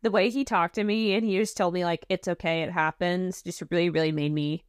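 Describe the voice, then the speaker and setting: A woman's voice: lowish voice, fast, clean tone, no echo, clean studio sound. A woman flight instructor co-hosting a podcast, talking candidly and chattily about her students with some self-deprecating humor. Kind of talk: casual chat.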